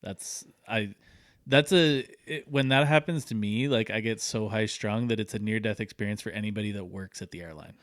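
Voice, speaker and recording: A man's voice: fairly low pitch, normal speed, dry recording, studio quality. Man making wry podcast asides. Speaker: podcast co-host. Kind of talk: casual chat.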